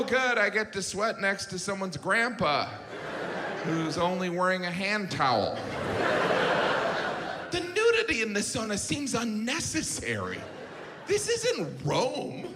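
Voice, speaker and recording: A man's voice: on the high side, very noisy. A male stand-up comedian on stage, with a wry, exasperated observational delivery into a handheld mic. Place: live venue on stage. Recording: echoey hall with loud ambience.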